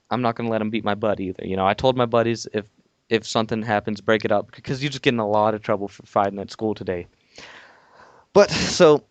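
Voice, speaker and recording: A young man calls in from home to tell a long, rambling story, circling back and restarting as he goes. His voice sounds smooth and clear. The audio is dull and muffled, dry with no room sound. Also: medium pitch, dry recording. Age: young adult. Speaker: podcast co-host. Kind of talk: casual storytelling. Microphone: call-in from home.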